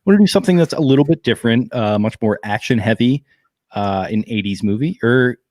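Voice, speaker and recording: A man co-hosting a podcast in casual chat, laid-back and rambling, sometimes slipping into quick impressions. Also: mid-range voice, animated, darkish tone, no echo. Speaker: podcast co-host.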